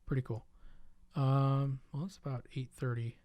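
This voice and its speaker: A man talking through software design with a partner on a live stream, thinking aloud in a casual, drawn-out way. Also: medium pitch, level tone, no room sound.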